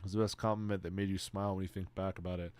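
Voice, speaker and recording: A young man with a fairly low voice chats on a live stream. He reacts to his chat excitably, swears a lot, and drops "bro" into nearly every sentence. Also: rapid-fire, smooth. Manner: excitable, swears freely, says "bro" constantly. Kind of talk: casual livestream chat.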